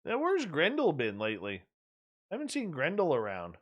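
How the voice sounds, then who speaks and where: A man's voice: on the high side, normal speed, dull audio. A man hosting a radio talk show, chatting casually and joking as he teases a regular listener. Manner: joking, teasing, animated. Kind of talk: casual chat.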